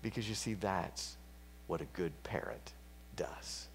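A man preaching a sermon, casual and chatty, dropping to whispers and climbing to loud, fervent peaks. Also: low voice, measured pace, slightly rough. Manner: conversational, with fillers and slips.

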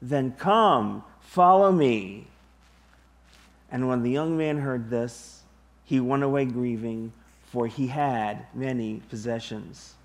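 A man preaching a sermon to his congregation, deliberate and emphatic, with long pauses. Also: medium pitch, fairly even intonation, dark tone. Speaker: pastor.

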